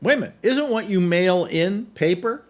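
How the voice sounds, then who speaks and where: Male host, lively, higher voice, sarcastic and chatty over a video call. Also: moderate pace. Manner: animated, sarcastic, stammers on restarts. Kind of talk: casual panel chat.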